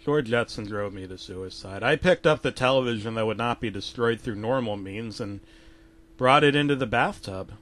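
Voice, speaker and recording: Male narrator for a comedic horror story, deadpan and low-key, mid-pitched, prone to sudden loud outbursts. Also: moderate pace.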